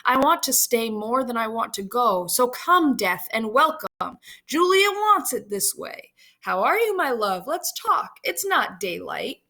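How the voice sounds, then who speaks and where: A woman's voice: on the high side, moderate pace, a bit bright, voice pushed up, natural voice. A woman reading the part of a young man who is torn and half sarcastic, in a mock-dramatic manner.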